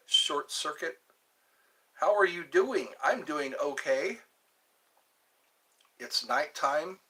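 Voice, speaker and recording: A man's voice: a little high, drawn-out words, long pauses, bright, forceful tone, poor audio. A man from Georgia hosting his own live stream, chatting in a rambling way, jumping between topics and trying out foreign phrases. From Georgia, USA. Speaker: livestream host.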